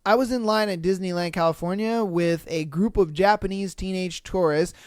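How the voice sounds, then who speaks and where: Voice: medium pitch, moderate pace, no room sound, clean studio sound. A podcast host casually reading online stories aloud and reacting with frequent laughter and profane slang.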